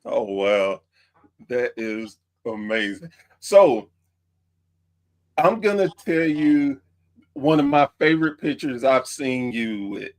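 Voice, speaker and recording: A man's voice: mid-range voice, animated, takes it slowly, pauses often. A man hosting a podcast, easygoing and laughing often in casual interview chat. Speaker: podcast host.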